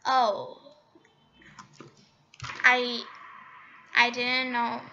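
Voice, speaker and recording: A woman giving casual, excitable commentary while playing a game, gasping and laughing at her own mistakes. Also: on the high side, extremely slow, vocal fry, muffled recording, slight background noise. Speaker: gaming channel host.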